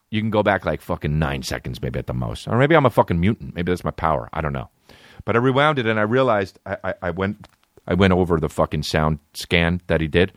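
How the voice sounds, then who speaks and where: A man's voice: low voice, animated, brisk, no room sound, clean studio sound. Profane rambling comedian man. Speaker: podcast host. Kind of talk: comedic storytelling and ad reads.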